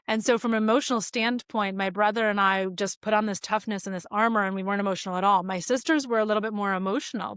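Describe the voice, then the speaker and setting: A woman's voice: medium pitch, fairly bright tone, clear, resonant tone, dry recording. Reflective woman in her forties, dry sound. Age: 40s. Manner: open, reflective storytelling. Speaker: podcast guest. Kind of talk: casual conversation.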